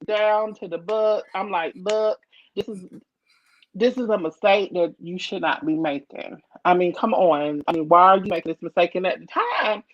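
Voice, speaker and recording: A blunt, emphatic woman talks over a video call, her voice sitting mid-range and animated. The sound is dull and lo-fi, with a dry, close feel and no room around it. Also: medium pitch, no room sound. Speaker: comic editor and guest. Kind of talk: casual video-call chat.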